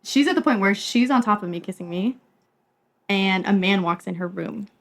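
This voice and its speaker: Animated woman telling a story, laughing. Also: medium pitch, moderate pace, creaky. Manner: animated, laughing often, acting out quotes. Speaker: podcast co-host. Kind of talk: casual chat, storytelling.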